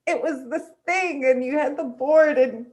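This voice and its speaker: A woman playing a rattled young female student who tells her story in halting, emotional bursts. Her voice is high and strains as she fights back tears. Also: darkish tone. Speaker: improv performer. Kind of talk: improv scene.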